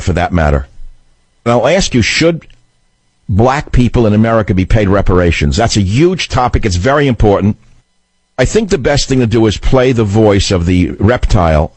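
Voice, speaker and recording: A man's voice: on the low side, darkish tone, dry recording. A man hosting a political talk radio show, delivering a combative, sarcastic monologue into a studio microphone. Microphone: studio broadcast mic.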